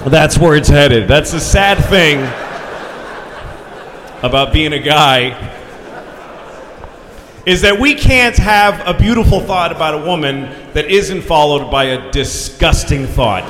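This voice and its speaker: A male stand-up comic with a fairly high voice that leaps all over as he tells crude jokes. He shouts his punchlines, and noise hangs behind him in the room. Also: lively intonation, takes it slowly. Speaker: stand-up comedian. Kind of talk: stand-up comedy.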